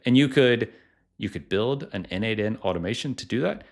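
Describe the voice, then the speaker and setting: With a fairly low, creaky voice and lively intonation, this middle-aged tech YouTuber and podcasting company founder talks briskly through a casual tutorial vlog. His chatty delivery is packed with "like" and "uh" fillers.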